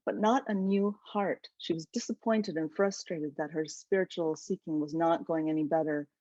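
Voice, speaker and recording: A woman author gives an animated, enthusiastic webinar lecture about her book over a video call. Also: on the low side, dry recording. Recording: dull lo-fi webinar audio.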